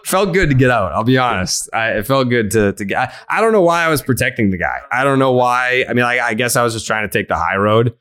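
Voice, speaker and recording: A man's voice: medium pitch, animated, fast, few pauses, fairly bright tone. Podcast guy rambling through a story, swears a lot, says like constantly, average voice. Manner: rambling, profane, many "like" fillers, quotes himself. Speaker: podcast host.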